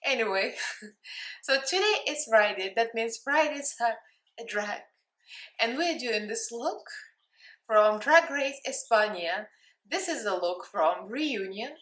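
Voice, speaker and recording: A woman's voice: on the high side, expressive, slow, a bit bright, reverberant. Bubbly woman with a Russian accent. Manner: bubbly, chatty, playful and giggly. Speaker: makeup vlogger. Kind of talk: casual makeup tutorial chat.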